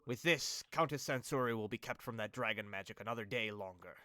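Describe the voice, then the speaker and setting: A man's voice: fairly low pitch, brisk, pushed and bright, no room sound. A man doing a frail, courtly old mage. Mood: formal. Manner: formal, gracious speech.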